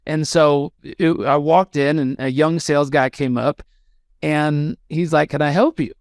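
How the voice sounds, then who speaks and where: A man with a fairly high, smooth and crisp voice tells a story with lively energy, jumping into the voices of the people he quotes. He sounds like he's in his thirties and speaks close to the mic in a dry, dead room. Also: measured pace, no room sound. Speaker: guest. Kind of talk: storytelling in a podcast interview.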